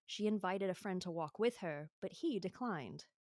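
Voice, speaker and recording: A woman's voice: on the low side, expressive, moderate pace, darkish tone, dry recording, clean studio sound. A woman from Yorkshire co-hosting a true-crime podcast, explaining in a chatty way with lots of filler words. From Yorkshire, England. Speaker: podcast co-host. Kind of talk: casual true-crime chat.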